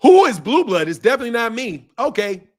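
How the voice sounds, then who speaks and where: A man's voice: extremely high pitch, very animated, brisk, a little mellow. A man hosting a boxing live stream, answering viewers' comments in a blunt, combative, profane way and laughing often. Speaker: boxing channel host.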